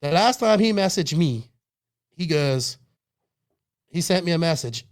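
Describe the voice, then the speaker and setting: Male co-host, a bit high-pitched, worked-up, profane and emphatic. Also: lively intonation, measured pace. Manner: heated, emphatic and profane, with restarts. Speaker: podcast co-host. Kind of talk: casual podcast chat.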